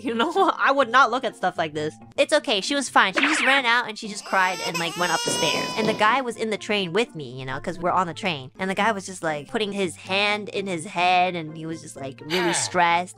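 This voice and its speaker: Bright, chatty young woman streamer. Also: mid-range voice, fast, few pauses, faint music behind. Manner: rambling, animated, full of fillers and laughs. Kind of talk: casual storytelling to viewers.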